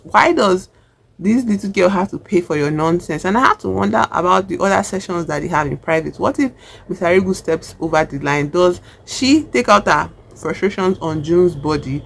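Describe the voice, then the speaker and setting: Nigerian-accented vlogger, mid-pitched, chatty and animated recap, faint background hiss. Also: vocal fry. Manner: chatty and animated, acts out characters' lines. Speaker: film reviewer. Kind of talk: casual film recap.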